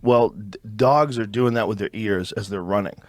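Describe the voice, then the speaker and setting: A man hosting a podcast, telling a story in an animated, profane, casual way. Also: on the low side, normal speed, dry recording, studio quality. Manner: animated, profane, acts out voices in his stories. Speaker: podcast host.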